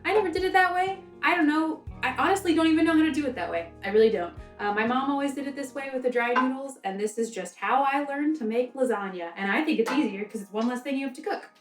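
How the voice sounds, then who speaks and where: A woman's voice: sits high, lively intonation, quick pace, hardly any pauses, soft background music. A young woman from the American South, chatting and rambling while she cooks for her vlog. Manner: rambling, chatty, self-interrupting. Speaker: cooking vlogger. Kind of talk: casual cooking vlog chat. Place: home kitchen. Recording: echoey kitchen, mic far off.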